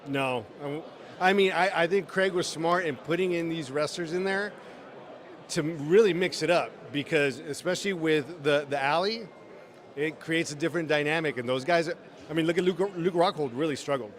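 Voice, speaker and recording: A man answering quick interview questions outdoors at an event, hesitant and fond of dry jokes. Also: on the high side. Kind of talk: casual on-the-spot interview.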